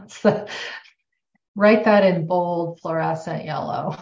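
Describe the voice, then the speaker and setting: A woman's voice: lowish voice, steady tone, slow. Woman teaching in an echoey room. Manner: conversational, self-correcting, acts out quoted remarks. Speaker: somatic therapy teacher. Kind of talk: teaching a class on slides. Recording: echoey room, dull lo-fi sound.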